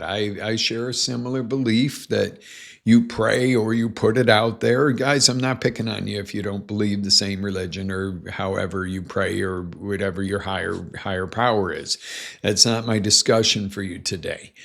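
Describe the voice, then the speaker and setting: Middle-aged guy, low gravelly husky voice, chatty coach telling a story on his live show. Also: moderate pace, fairly bright tone. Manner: storytelling, acts out both sides of a conversation. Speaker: motivational coach. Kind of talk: casual live-show monologue. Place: small home studio.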